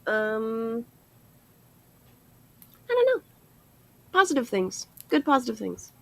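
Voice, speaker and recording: A woman's voice: on the high side, sing-song, takes it slowly, gravelly, fairly bright tone, no room sound. A woman co-hosting a casual livestream chat, giving short agreeing replies. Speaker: livestream co-host.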